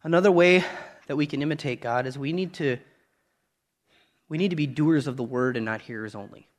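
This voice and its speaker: A man in his thirties preaching a sermon, earnest and conversational, rising loud on key points and dropping to quiet asides. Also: mid-range voice, fairly quick.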